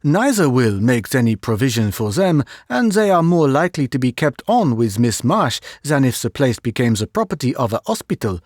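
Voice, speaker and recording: A man voicing a fussy, vain, excitable middle-aged Belgian detective who drops French phrases, in an audiobook reading. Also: medium pitch, normal speed, few pauses, no echo, clean studio sound.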